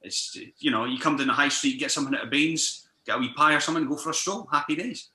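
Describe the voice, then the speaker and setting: A Scottish man chatting as a guest radio presenter, telling lively, jokey stories. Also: a little high, fast talker. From Scotland. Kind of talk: casual chat. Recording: echoey room.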